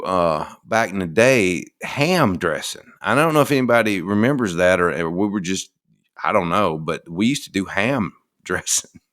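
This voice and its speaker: A man's voice: low-pitched, fairly bright tone. A middle-aged man with a Southern American accent, talking in a folksy, rambling and enthusiastic way as a podcast host. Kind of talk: casual monologue.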